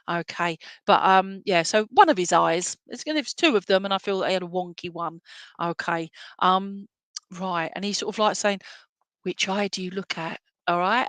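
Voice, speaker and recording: A chatty woman giving a clairvoyant reading over a video call, rambling from one thought to the next. She keeps checking in with the person she is reading for. Her voice sits at a middling pitch and sounds close and dry. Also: a bit bright, no echo. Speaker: spiritualist medium. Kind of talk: clairvoyance reading in an online service.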